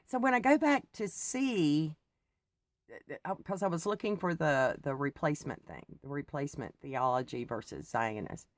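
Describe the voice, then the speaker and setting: Running on coffee and little sleep, a middle-aged woman who vlogs about faith rambles through personal talk, wandering off topic and laughing often. She speaks low and animated at a normal speed, and there's no room sound.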